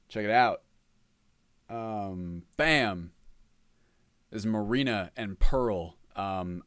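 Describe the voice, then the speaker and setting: A man's voice: low voice, clear, resonant tone, dry recording. A man streaming casually while working, rambling, reading chat aloud and humming to himself. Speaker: modlist developer streamer.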